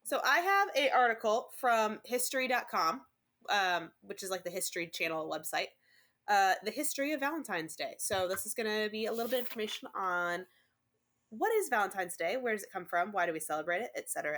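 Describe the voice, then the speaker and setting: A woman co-hosts a relaxed podcast, half chatting and half reading from a summary. She stops often to say um and uh, and her throat sounds a little dry. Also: mid-range voice, fairly quick. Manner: chatty, reads notes with many ums. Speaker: podcast co-host. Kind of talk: casual chat.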